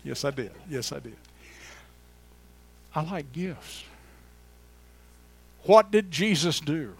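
A man's voice: fairly high pitch, expressive, slow pace, creaky, pauses often, slightly rough, no echo. Folksy preacher in his seventies. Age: 70s. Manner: folksy, chatty, swings between loud exclamations and quiet asides. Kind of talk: sermon with personal stories. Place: church before a congregation.

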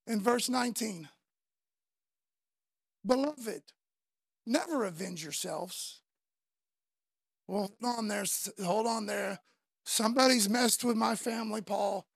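A woman's voice: on the high side, creaky, husky, no room sound. A woman preacher delivering a fervent, conversational sermon full of casual slang.

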